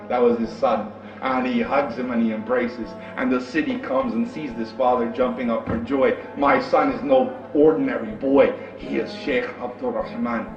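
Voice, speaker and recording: Man telling an animated sermon story. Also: mid-range voice. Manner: animated, acts out the characters. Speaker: preacher. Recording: echoey, distant, muffled, music behind.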